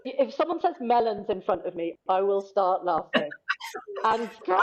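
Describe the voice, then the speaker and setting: A woman's voice: medium pitch, very animated, moderate pace, background noise. A woman co-hosting a podcast, telling a self-mocking story in casual chat. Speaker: podcast co-host.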